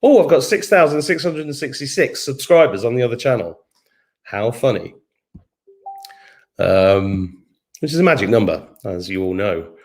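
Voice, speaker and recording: A middle-aged man talking casually on a live stream from his kitchen, his voice at an ordinary middle pitch. He rambles through viewer comments in a loose, chatty way and hums little tunes to himself while he scrolls. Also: animated, moderate pace, pauses often. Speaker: livestream host. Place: home kitchen.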